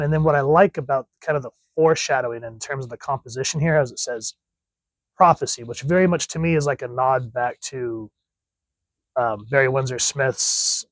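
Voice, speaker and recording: A man reviews a comic in an easygoing, rambling way, stopping himself with "like" and "wait a minute" asides. His pitch sits in a middle range. The sound is dry and close, with no room echo.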